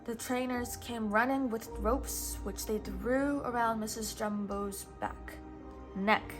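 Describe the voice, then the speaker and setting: A woman reading a children's storybook aloud in a gentle, measured way. Her voice sits on the higher side, and soft music plays underneath. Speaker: storybook reader.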